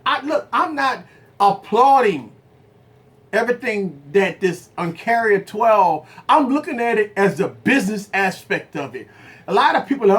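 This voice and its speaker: A tech channel host who also runs a business argues his views with viewers during a livestream, speaking a little slowly. His pitch swoops up and down with animated energy, and he drives points home through repeated phrases and rhetorical questions. He addresses his audience directly as "guys."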